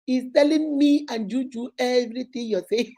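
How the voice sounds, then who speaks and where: A woman's voice: high voice, moderate pace, dark tone. A Nigerian woman hosting a casual advice session, talking animatedly and laughing often as she acts out phone calls. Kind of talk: casual live advice chat.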